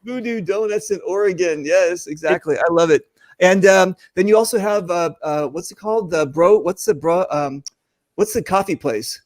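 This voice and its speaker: A joking, rambling man hosts a casual chat over a video call, his voice sitting a bit high. The sound is close and dry, with no room around it. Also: normal speed, dry recording. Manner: joking, rambling, many fillers. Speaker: host.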